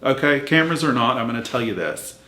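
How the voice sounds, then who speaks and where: A man's voice: medium pitch, animated, fast. A man playing a brash 66-year-old woman who lives in a hotel, telling her life story in a meandering mockumentary interview full of fillers and restarts. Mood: rambling. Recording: echoey room with loud music underneath.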